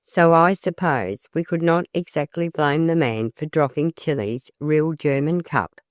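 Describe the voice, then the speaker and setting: An effusive young hostess from a storybook, chattering warmly over her guests, as the narrator puts her on. The delivery stays slow and dry, close to the reader's own voice. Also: medium pitch, no room sound, lightly acted. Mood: gushing. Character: gushing, hospitable young tea-room hostess.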